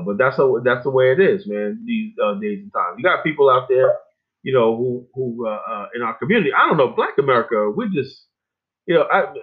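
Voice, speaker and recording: An older man from Virginia hosting a casual on-air talk show, blunt and profane, rambling with many fillers. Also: mid-range voice. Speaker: host. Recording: phone-like narrow band.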